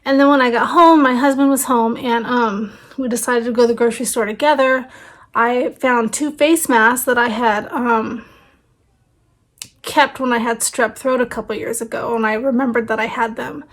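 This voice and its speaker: A woman's voice: fairly high pitch, fairly even intonation, moderate pace. A woman in her thirties, a family vlogger, chatting casually and rambling with fillers, tired and her voice fading. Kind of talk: casual vlog chat.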